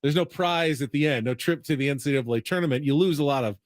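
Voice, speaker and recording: A man's voice: on the high side, quick pace, dry recording. Male sports talk host, rambling explainer, dead-dry studio mic. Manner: explains at length, thinking aloud with restarts. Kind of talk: sports radio chat.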